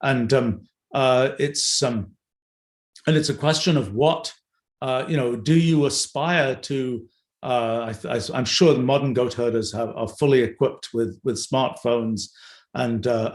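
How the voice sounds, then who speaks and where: A man's voice: medium pitch, darkish tone. An older man hosting an unscripted livestream Q&A, thinking aloud with many fillers and restarts. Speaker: host answering audience questions. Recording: roomy echo.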